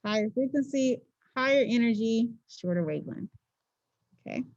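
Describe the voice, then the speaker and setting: A woman teacher talks through a physics lesson in a casual, joking way and keeps checking that her class is following. Her voice sits a little high. The sound is dry and close, with a slightly dull, lo-fi quality. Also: expressive, moderate pace, darkish tone, no echo. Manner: chatty, playful, checks in with frequent "okay?". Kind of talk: classroom lecture.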